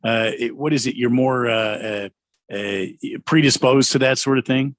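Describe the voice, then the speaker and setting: Halting older man on talk radio. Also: medium pitch, fairly even intonation, no room sound, clean studio sound. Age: 50s or 60s. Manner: halting, searches for words. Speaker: radio co-host. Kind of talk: casual sports radio banter.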